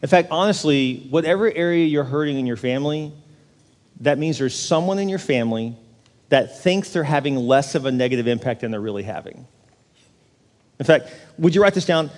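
A pastor preaching a sermon in a church, telling humorous stories and putting questions to the congregation in an animated way. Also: male voice, on the high side, a little fast. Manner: animated, humorous storytelling that asks the crowd questions. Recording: long reverb of a large hall.

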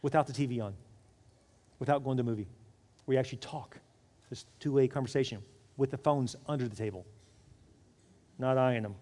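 Fast-talking pastor in a reverberant hall. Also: male voice, medium pitch. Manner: animated, acts out quoted voices. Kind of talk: sermon.

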